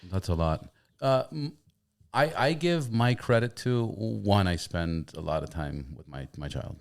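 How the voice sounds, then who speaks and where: A man's voice: on the low side, expressive, measured pace, creaky. A middle-aged man hosting a casual conversation, telling stories animatedly and repeating words as he starts his sentences.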